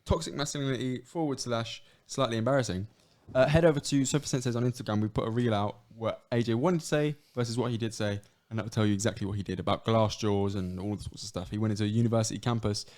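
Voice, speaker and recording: A man's voice: fairly low pitch, fast talker, few pauses, darkish tone. A man co-hosting a podcast, bantering casually and calling people "bro". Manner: laid-back banter, says "bro" a lot. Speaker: podcast co-host. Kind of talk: casual chat.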